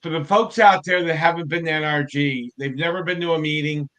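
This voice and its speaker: A man hosting a casual interview as company chief, talking with high energy and enthusiasm. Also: steady tone, fairly quick, fairly bright tone. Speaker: host and company CEO.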